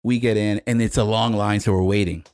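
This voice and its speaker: A man's voice: on the low side, fairly even intonation, fairly quick, darkish tone, clear, resonant tone, dry recording, studio quality. A man co-hosting a podcast, telling a rambling, profane story with many restarts and a repeated "right?". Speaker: podcast co-host. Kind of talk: casual storytelling chat.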